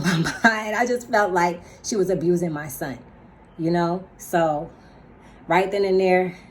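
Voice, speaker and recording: A woman telling a story casually, emphatic and animated, with laughs and slang asides. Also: low-pitched, a little hiss or hum. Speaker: storyteller vlogger.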